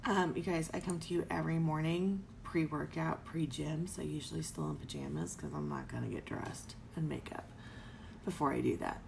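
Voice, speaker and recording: A woman's voice: sits low, normal speed, gravelly, background noise. A woman co-hosting a live health stream, talking casually and explaining with everyday examples from home. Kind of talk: casual live video talk. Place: home in Colorado.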